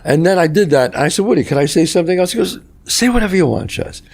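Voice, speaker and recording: A man telling animated stories in a casual podcast chat, acting out dialogue and swearing freely. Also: high-pitched, fast talker, vocal fry. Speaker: guest actor telling stories.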